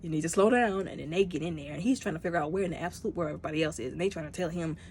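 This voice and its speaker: Woman vlogger reviewing a film, low voice, animated, acts out the characters' lines. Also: rapid-fire, a little hiss or hum. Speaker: movie reviewer. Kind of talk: casual spoken movie review.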